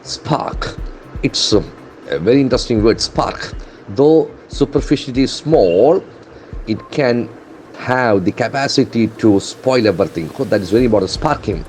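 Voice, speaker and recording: A man teaching from newspaper headlines, deliberately spelling out and repeating words. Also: lowish voice, expressive, darkish tone, a little hiss or hum. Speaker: English language trainer. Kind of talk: newspaper-based English lesson.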